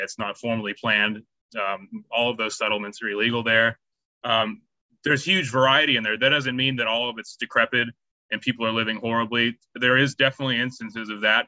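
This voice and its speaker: A man's voice: medium pitch, bright, forceful tone, dry recording, muffled recording. A man answering interview questions about volunteer work, hesitant, with many ums and restarts. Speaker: charity volunteer.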